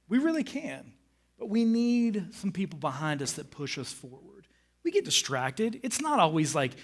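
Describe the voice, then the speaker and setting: A middle-aged man preaching a sermon on a church stage, animated and acting out his own moods for the congregation. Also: fairly high pitch. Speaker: pastor.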